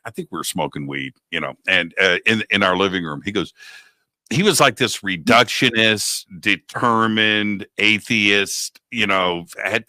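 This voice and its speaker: A man in his sixties hosting a talk show, telling a story in a lively conversational way and acting out the people he quotes. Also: lowish voice, no room sound. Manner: animated, acts out quoted dialogue. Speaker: radio show host.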